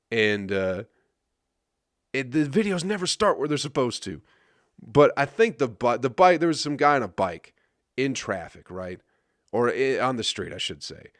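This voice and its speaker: Male comedian host from Michigan, lowish voice, crude mocking rant, dry sound. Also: no echo.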